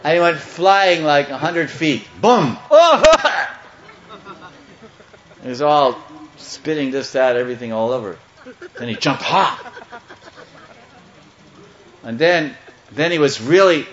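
A man giving a devotional storytelling sermon, animated and playful, breaking into chants and acting out parts. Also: fairly high pitch, moderate pace. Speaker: devotional speaker. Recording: echoey, slightly muffled room.

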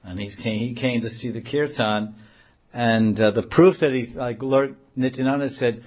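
A man telling a devotional story in a sermon, animated and acting out the quotes in it, in a dull, lo-fi recording. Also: mid-range voice, moderate pace. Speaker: religious storyteller.

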